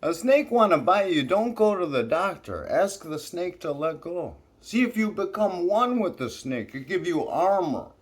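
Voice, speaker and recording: A man voicing a scarred tough man who insists on odd folk wisdom in a raised, loud voice. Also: sits high, big pitch swings, unhurried, few pauses, husky, pitched above the performer's own voice, full character voice. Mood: insistent.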